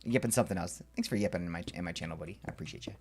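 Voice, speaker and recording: A low-voiced man talks very fast against a noisy background while livestreaming, chatting casually with viewers as he builds in a game. He's excitable and rambling, answers chat with playful rants, and sometimes mutters under his breath.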